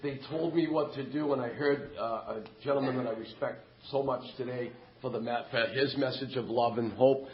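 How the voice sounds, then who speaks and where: A man's voice: medium pitch, normal speed, few pauses, a little hiss or hum. Middle-aged man, frank and wry, speaking in a meeting hall on a dull recording. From Massachusetts, USA. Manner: candid and self-mocking. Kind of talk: personal story at a meeting.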